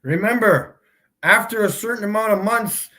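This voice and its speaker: A man hosting a live stream, taunting his chat in a mocking tone and laughing often. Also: high-pitched. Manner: slow, drawn-out delivery with big swings in loudness. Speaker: livestream host.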